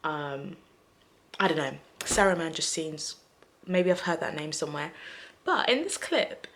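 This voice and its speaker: A woman talking through her reactions to a book in a casual vlog, excitable and chatty, with gasps and whispered asides. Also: low-pitched, measured pace, slight background noise. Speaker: book vlogger.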